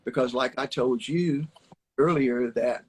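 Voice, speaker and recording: An older man with a medium-pitched, slightly rough voice takes his time as he spins rambling, folksy yarns, circling back over his own words. He's a former baseball player from Alabama, appearing as a guest on a livestream from home. His phone's audio is poor.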